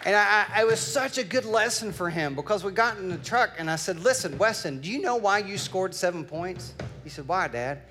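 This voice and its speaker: A middle-aged man preaching a sermon. He tells a family story and builds up to loud, emphatic declarations. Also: sits high, expressive, a little fast, few pauses, over music. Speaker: pastor.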